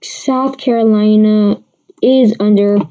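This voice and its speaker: A woman's voice: mid-range voice, fairly even intonation, slow pace, dark tone, clean tone. A woman hosting a casual livestream weather forecast, rambling with many restarts while answering viewers. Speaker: amateur weather forecaster host. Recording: dull lo-fi stream audio.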